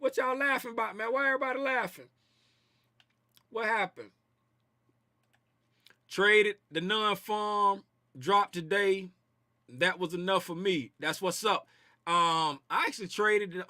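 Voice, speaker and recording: A man's voice: high-pitched, bright, forceful tone, no room sound, studio quality. A man hosting a casual trading livestream, reading viewer comments in a loose, slangy way and repeating his phrases. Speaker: trading stream host.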